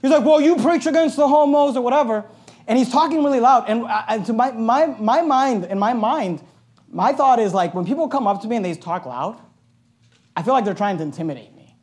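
A middle-aged man preaching a sermon as a pastor, telling a personal story in a loud, emphatic, conversational way with asides. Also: very high-pitched, expressive, brisk.

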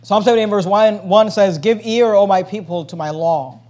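A man gives an emphatic sermon at normal speed in a voice that sits high, swinging between loud and soft and repeating phrases to drive the point home.

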